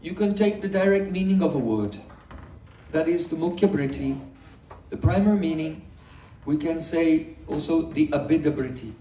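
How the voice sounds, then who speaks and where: A man with a mellow, fairly high voice gives a morning scripture class, explaining patiently through homely examples and light humor. He sounds distant from the mic, in an echoey room. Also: animated, moderate pace, slight background noise. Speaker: spiritual teacher. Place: indoor hall with a live audience.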